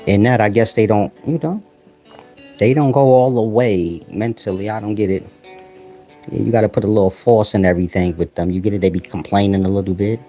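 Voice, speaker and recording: A man's voice: on the low side, moderate pace, mellow, soft background music. A man delivering a crude, casual comedic monologue in swaggering slang, with drawled asides to the listener. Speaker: comedic ranter.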